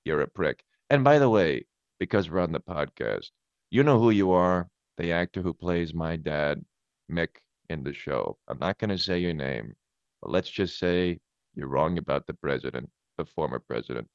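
A menacing middle-aged tough guy, put on by a man, speaking very low and quiet with a gravelly swagger. The sound is close, dry and slightly dull. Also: animated, normal speed, no room sound, full character voice. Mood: gruff.

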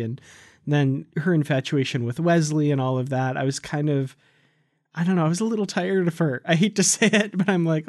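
A man's voice: a little high, moderate pace. A man co-hosting a casual book discussion podcast, hesitant and hedging, laughing often. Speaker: podcast co-host.

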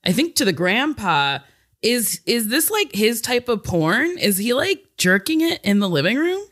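A woman's voice: a little high, very animated, normal speed, a bit bright. Blunt, joking woman co-host. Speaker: podcast co-host. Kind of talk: casual chat.

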